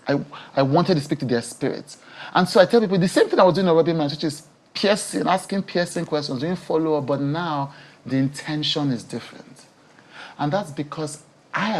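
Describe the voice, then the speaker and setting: A woman who hosts a talk show, speaking as a guest on a TV studio interview; animated and emotional, laughing often. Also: deep voice. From Nigeria. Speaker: talk show host and media entrepreneur.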